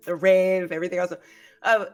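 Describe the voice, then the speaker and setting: A woman playing a tabletop game, asking curious, stammering questions in character. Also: fairly low pitch. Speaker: player. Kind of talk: casual in-character play.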